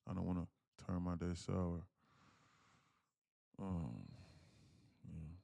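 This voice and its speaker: Speaking slowly with vocal fry and a warm tone, a young man streams himself day trading, narrating his trades and chatting with viewers. The recording is dry. He's conversational and grateful to his audience, adopting a higher put-on voice when he reads comments.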